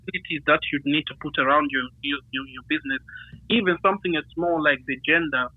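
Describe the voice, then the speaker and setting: This British guest discusses running a business in casual conversation, speaking fast and hesitantly, with many fillers and restarts. His steady voice is a little high with a breathy edge, and the phone line is tinny and dry with no echo.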